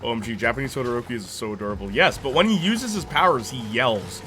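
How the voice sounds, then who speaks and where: Young man, streamer, casual rambling chat, animated pitch, laughs often. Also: quick pace, soft background music. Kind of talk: casual chat while reacting to a movie on stream.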